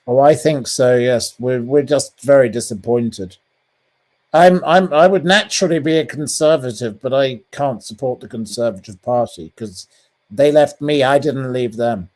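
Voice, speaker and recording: Male British journalist guest, blunt and scathing, halting delivery, mid-range voice. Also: mid-range voice, a little mellow. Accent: British English. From England. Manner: blunt and scathing, with many ums and restarts. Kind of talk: interview over a call.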